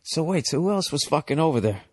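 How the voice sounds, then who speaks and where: Male comic podcast host, fairly high voice, loose and profane monologue, keeps interrupting himself and playing the other people. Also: sing-song, fast, breathy edge. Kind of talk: rambling comic storytelling monologue.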